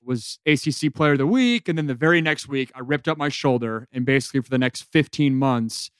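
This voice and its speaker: A young man in his twenties co-hosting a casual podcast and telling his story in a relaxed, laid-back way. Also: mid-range voice, fairly quick, smooth, no room sound, studio quality. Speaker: podcast co-host, former football player.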